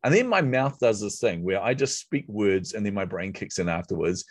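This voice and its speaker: A middle-aged man, a guest in a conversation, telling a story in an animated, self-mocking way and acting out his own inner voice. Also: on the low side, normal speed, no room sound.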